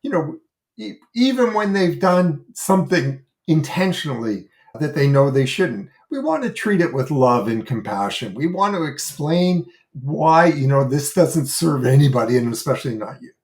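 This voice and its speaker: A man's voice: a little high, very animated, moderate pace, darkish tone. A man speaking as the guest expert in a podcast interview, explaining in an earnest, emphatic way. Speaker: guest expert on child behaviour.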